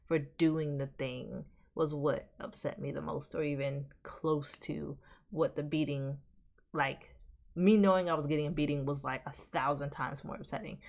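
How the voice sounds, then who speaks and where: Woman streamer, low deep voice, rambling casual chat. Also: creaky. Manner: rambling, chatty storytelling. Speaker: streamer reacting to a video.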